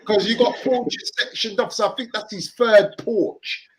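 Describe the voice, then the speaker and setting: A man's voice: high-pitched, a little slow, a little hiss or hum, low-quality recording. A Cockney man with a slightly raised voice hosts a casual live stream. He chats along in an upbeat way and says things twice or three times to drive them home. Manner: chatty, upbeat, repeats phrases for emphasis. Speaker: vlogger and live-stream host.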